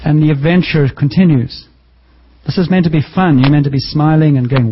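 A man preaching a sermon as a pastor, lively and joking, with sudden jumps in pitch for emphasis. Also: brisk, dull audio, a little hiss or hum.

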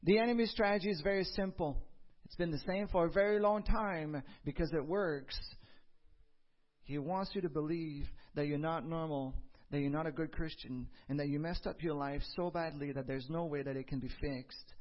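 A man preaching a sermon and telling a lively personal story, acting out the voices in it. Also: fairly high pitch, normal speed, lo-fi sound. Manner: animated storytelling, acts out dialogue. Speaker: pastor.

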